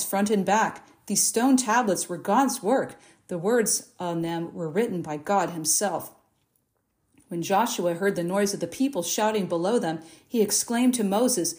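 A woman with a mid-range voice reads a Bible passage aloud in a measured, expressive way, raising her voice for the quoted speeches.

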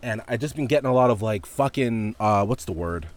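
A man's voice: fairly low pitch, lively intonation, fairly quick. A young man hosting a casual solo podcast, ranting in an exasperated, profane way and laughing between points. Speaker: podcast host. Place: indoors with heavy rain outside.

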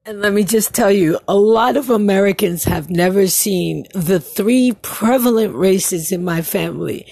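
A woman from Brooklyn leaving a casual voice message, telling an animated family story and laughing often. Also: medium pitch, a little slow, creaky, hardly any pauses, slightly rough, no room sound. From Brooklyn, New York.

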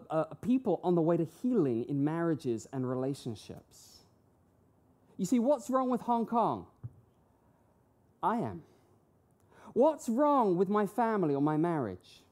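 A woman's voice: fairly low pitch, dark tone. A woman preaching a sermon, emphatic and full of rhetorical questions that she answers herself. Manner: emphatic, uses rhetorical questions and acted-out quotes.

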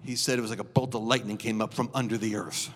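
A middle-aged man preaching live in a church, telling stories with animated, dramatic flair. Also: on the low side, fast talker. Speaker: guest preacher. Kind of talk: live sermon storytelling. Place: church auditorium. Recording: long reverb of a church hall.

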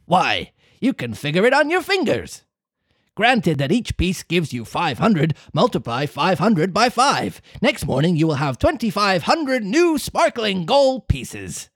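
A woman voicing a sly, smooth-talking male fox swindler in a storybook read-aloud, coaxing and persuasive. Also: fairly low pitch, big pitch swings, dry recording, clean studio sound, voice pushed up, full character voice. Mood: scheming. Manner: coaxing, persuasive, drawn-out words.

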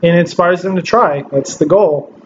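High-voiced animated man from Southern California. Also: moderate pace, highs cut off, slight background noise. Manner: animated storyteller who acts out quotes and laughs often. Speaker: podcast host. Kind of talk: casual chat, storytelling.

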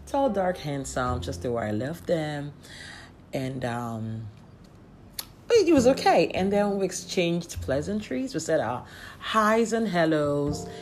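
A woman's voice: sits low, sing-song, takes it slowly, slight background noise. A young woman telling a story in a sassy, chatty way and laughing often. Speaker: vlogger. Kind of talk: casual storytelling. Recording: faint music underneath.

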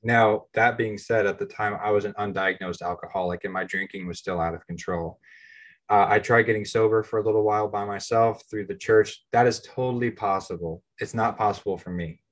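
A man's voice: lowish voice, fairly even intonation, brisk. An American man in his thirties, co-hosting a podcast and telling his own story in a candid, self-deprecating, plain-spoken way. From United States. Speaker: podcast co-host. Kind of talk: casual personal storytelling.

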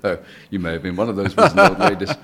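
Older man, very deep voice, husky, chatty interview guest, chuckling storyteller. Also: very animated, fast talker, fairly bright tone. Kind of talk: reminiscing interview.

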